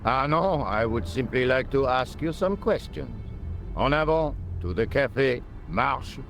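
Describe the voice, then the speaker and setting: An actor playing a dry, condescending police inspector, speaking English. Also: male voice, medium pitch, expressive, measured pace, fairly bright tone, faint music behind. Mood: commanding. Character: dry, pompous French police inspector, middle-aged man.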